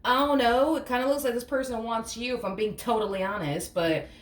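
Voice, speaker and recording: A woman's voice: a little high, brisk. Chatty, blunt woman reading tarot. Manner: chatty, blunt, swears freely; acts out imagined reactions in quotes. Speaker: tarot reader. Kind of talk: casual tarot reading to camera. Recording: echoey room with faint hum.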